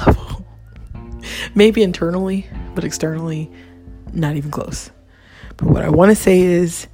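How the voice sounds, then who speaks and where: Slow, gravelly-voiced woman vlogger. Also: on the low side. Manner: excitable, gushing, drifts into pep talk. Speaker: makeup vlogger. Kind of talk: casual rambling vlog.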